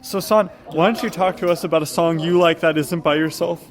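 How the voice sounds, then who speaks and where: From a Korean restaurant full of busy chatter, a young podcast host rambles casually with plenty of fillers. He speaks fairly quickly in a voice on the high side, with fairly even intonation.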